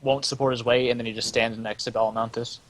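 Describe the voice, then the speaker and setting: A man's voice: medium pitch, little pitch movement, fast, fairly bright tone. A man with a mid-range voice plays a tabletop game, narrating what his character does and quizzing the game master on details. A faint hiss sits under the recording. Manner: describes his character's actions in third person, asks questions. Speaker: player. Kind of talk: casual tabletop game play.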